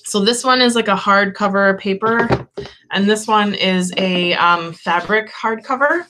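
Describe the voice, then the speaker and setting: A woman's voice: mid-range voice, measured pace, background noise. A young woman hosting a casual live-stream chat, candid and rambling, full of fillers and the odd swear. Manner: chatty and candid, lots of "like" and "um", swears freely. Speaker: tarot channel host.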